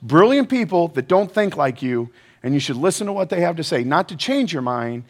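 Male pastor with a high voice, energetic and playful, talks straight to the audience. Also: brisk. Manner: energetic, joking, asks the audience questions. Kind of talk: sermon.

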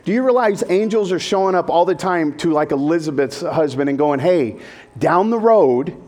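A man's voice: fairly high pitch, steady tone, a little fast, darkish tone. A male pastor giving a humorous sermon, talking in a jokey, conversational way and putting questions to the congregation.

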